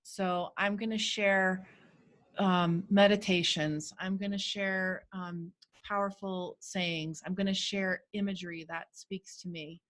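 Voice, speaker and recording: A woman who teaches spirituality, co-leading an online healing circle in a thoughtful, measured way with frequent fillers. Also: medium pitch, steady tone, a bit bright. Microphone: video call.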